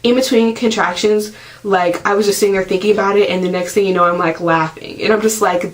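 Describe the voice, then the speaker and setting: A woman's voice: on the low side, fairly even intonation, a little fast, low-quality recording. Chatty young woman telling a story. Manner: chatty, heavy use of "like", acts out quotes. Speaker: vlogger. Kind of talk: casual storytelling to camera.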